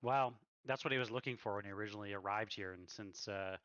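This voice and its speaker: A man's voice: fairly low pitch, fast, fairly bright tone, muffled recording. A man running a tabletop game, chatting casually and thinking aloud over a voice call. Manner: laid-back, thinking aloud. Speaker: game master. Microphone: online voice call.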